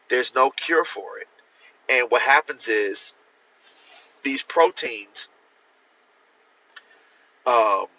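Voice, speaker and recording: Male livestream host, casual and profane, rambling; bright, forceful tone, muffled phone audio. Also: medium pitch. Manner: profane, rambling, talks straight to viewers; answers viewer comments. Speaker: author hosting a livestream.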